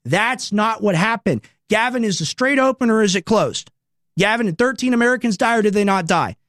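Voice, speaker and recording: A man's voice: high-pitched, lively intonation, fairly quick, fairly bright tone, no room sound, clean studio sound. A young man in his twenties, hosting a radio show, delivering a political commentary monologue with emphatic, repeated rhetorical questions. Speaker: radio host.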